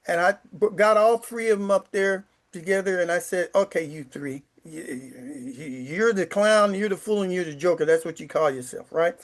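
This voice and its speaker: Speaking at normal speed with hardly any pauses, a man in his sixties shares casual stories on camera from his apartment in a high voice. He used to teach sixth grade, and he rambles emotionally, stammering and starting over.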